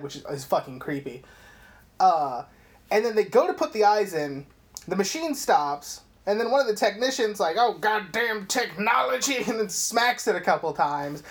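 A man's voice: high-pitched, a little slow. A young man co-hosting a casual film podcast, rambling through a movie recap with lots of swearing. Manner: rambling, profane, animated storytelling. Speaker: podcast host.

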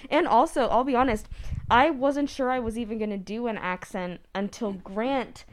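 A woman with a slightly high voice talks at a moderate pace, chatting casually and animatedly as a talk show cast member. She isn't from the Midwest, and her talk rambles along with lots of "like"s.

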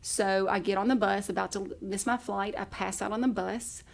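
Chatty woman with a gravelly voice. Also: medium pitch, steady tone, normal speed. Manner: chatty, laughs often, acts out her own past words. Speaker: podcast guest. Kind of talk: casual personal storytelling.

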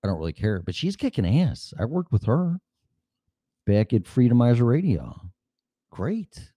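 On his one-man podcast, a middle-aged man rambles casually and curses as he goes. His mid-range voice has a sing-song lilt, a mellow quality and a breathy edge, delivered at normal speed. A studio mic and mixer record it with no echo.

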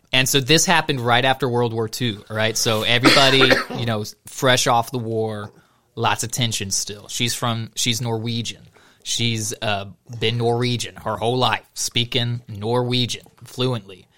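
Bright-toned man reading news casually. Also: medium pitch, fairly even intonation, a little slow. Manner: laughs often while reading. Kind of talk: casual chat, reading a news article aloud.

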